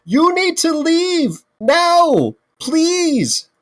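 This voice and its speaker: Girl doing a freaked out adventurer yelling high, all over the place. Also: animated, unhurried. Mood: pleading. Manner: frantic yelling. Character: panicky adventurer woman aiming a bow.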